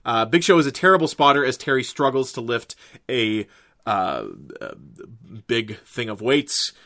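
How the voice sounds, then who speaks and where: A man's voice: medium pitch, normal speed, fairly bright tone, no echo, studio quality. A man recapping wrestling and a TV episode in casual commentary, rambling with lots of filler words and casual swearing. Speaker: wrestling and TV reviewer.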